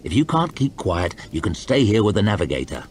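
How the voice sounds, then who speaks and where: Dude doing a gruff grunting warrior, deep and blunt. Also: male voice, very animated, a little fast, slight background noise. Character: hardened male northern warrior, gruff and blunt.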